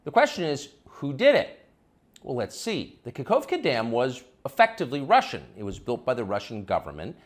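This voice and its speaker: Sarcastic man with wildly swinging pitch. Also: huge pitch swings, moderate pace. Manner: sarcastic, emphatic. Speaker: commentator. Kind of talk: opinion monologue.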